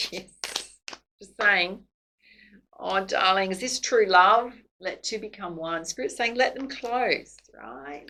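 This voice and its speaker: A woman's voice: lowish voice, vocal fry, pushed and bright, slight background noise, rough recording. A woman doing a casual tarot reading to camera, chatty and laughing often. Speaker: psychic tarot reader.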